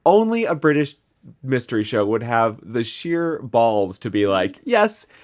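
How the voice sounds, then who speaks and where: A man with a Midwestern American accent recaps a TV episode on a casual podcast. He rambles and restarts, filling his talk with "like" and "um." His voice sits at a middling pitch. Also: very animated, unhurried, darkish tone. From Midwestern United States. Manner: rambling, chatty, many fillers and restarts. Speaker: podcast co-host.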